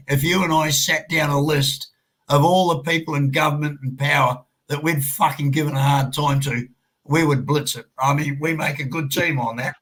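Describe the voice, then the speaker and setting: A man's voice: a little high, bright, forceful tone, slightly rough, rough recording. Blunt, sweary Australian man. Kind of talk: casual chat.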